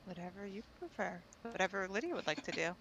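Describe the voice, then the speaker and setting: A woman's voice: medium pitch, animated, fast talker, a bit bright, slightly rough, low-quality recording. A woman facilitating a tabletop role-playing game, chatty and encouraging. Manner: chatty, encouraging, laughs easily. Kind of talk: casual tabletop game chat.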